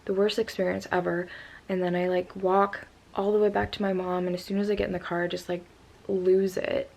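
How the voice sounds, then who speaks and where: A woman's voice: fairly low pitch, little pitch movement, fairly quick, creaky, darkish tone. A young woman in her twenties telling a storytime vlog in a rambling, casual way, upset after crying. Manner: rambling with many "like" fillers. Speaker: vlogger.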